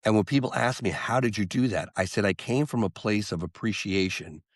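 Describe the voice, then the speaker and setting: Lively low-voiced man telling a story. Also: fairly quick, no echo, clean studio sound. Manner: animated storyteller acting out quotes. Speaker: guest, singer-songwriter. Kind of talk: storytelling interview talk.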